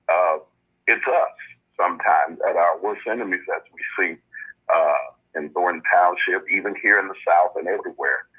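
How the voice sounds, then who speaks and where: A man's voice: sits low, slightly rough. A man calling in to a show, talking earnestly and at length, with lots of thanks, over a phone line. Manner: earnest, rambling, full of thanks. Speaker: caller. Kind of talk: casual chat. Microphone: phone call.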